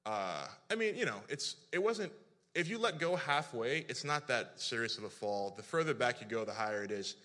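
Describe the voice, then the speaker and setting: A man from Africa, telling an animated, self-deprecating story in a sermon, full of restarts. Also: mid-range voice, normal speed. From South Africa. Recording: reverberant hall.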